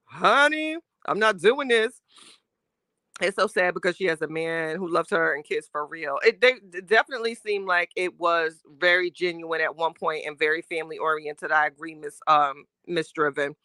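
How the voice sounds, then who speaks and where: A woman's voice: mid-range voice, no room sound, clean studio sound. A woman hosting a casual livestream, reading chat and talking with sass, laughing often. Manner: sassy, animated, laughing often, Southern Black American slang.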